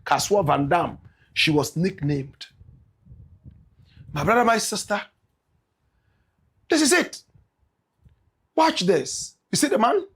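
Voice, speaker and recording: Ghanaian man, political commentator, high husky voice, swings wide in pitch, emphatic. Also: animated, takes it slowly, long pauses. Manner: emphatic, repeats "my brother, my sister", bursts into shouts.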